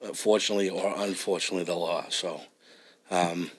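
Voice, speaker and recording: A man's voice: low-pitched, fairly even intonation, a little fast, breathy edge. A man with a South Shore Massachusetts accent, a truck driver chatting as a podcast guest in a blunt, profane, joking way. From Massachusetts, USA. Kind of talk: casual chat.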